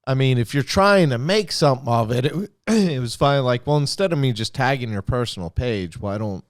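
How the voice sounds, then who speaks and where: A man hosting a podcast in casual chat, excitable and heavy on profanity. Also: medium pitch, normal speed, no echo, clean studio sound. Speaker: podcast host.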